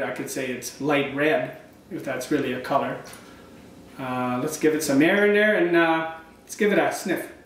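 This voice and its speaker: A man's voice: on the high side, distant mic. A middle-aged man, chatting casually through a home wine review and drifting into anecdotes. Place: room at home, filmed by his wife. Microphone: camera mic from a distance. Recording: very echoey room, voice from off-mic.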